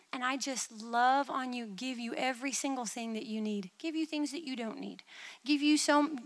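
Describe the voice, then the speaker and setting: A woman preaching a testimony in a church, telling a vision with animated, dramatic storytelling. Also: sits high, big-room sound.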